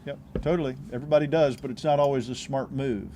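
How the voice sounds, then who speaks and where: A man's voice: mid-range voice, fairly even intonation, quick pace, mellow, slight background noise. A man, a real estate agent answering interview questions in an easygoing way, often restarting his phrases.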